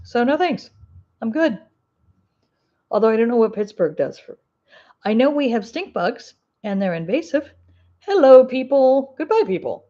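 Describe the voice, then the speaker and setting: Chatting with viewers on her crafting livestream, this Ozark-twanged woman from the US Ozark Mountains rambles casually, laughs often, and responds to comments. Her slightly high voice has lively intonation, a dark tone, and a moderate pace broken by long pauses, and the highs are cut off.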